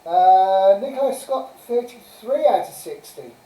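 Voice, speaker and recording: A woman hosting a homespun online quiz night, chatting away and giggling between answers. Her voice is mellow and sits in an echoey room, picked up from a distance by the mic. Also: mid-range voice, expressive, unhurried. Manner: chatty, giggly, reads answers and scores aloud. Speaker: quiz host. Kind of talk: casual live-stream pub quiz. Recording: roomy sound from a distant mic.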